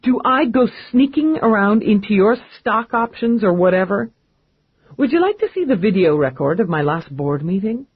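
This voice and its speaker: A man's voice: high-pitched, sing-song, moderate pace, slightly rough, narrow, tinny audio, voice pushed up, heavily acted. A man voicing a tough, blunt female police lieutenant in an audiobook, with a brusque, exasperated delivery. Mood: indignant.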